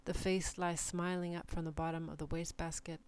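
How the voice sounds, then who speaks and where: A woman giving a measured, deliberate reading of short numbered literary passages. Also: fairly low pitch, flat delivery, smooth. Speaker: reader.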